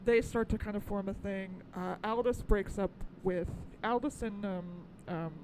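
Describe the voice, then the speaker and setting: A woman's voice: mid-range voice, normal speed, a little hiss or hum, poor audio. A woman co-hosting a casual podcast chat, talking animatedly, cursing freely and laughing often. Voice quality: tall. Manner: animated, swings to loud squealing bits. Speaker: podcast co-host. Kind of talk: casual chat reviewing a movie.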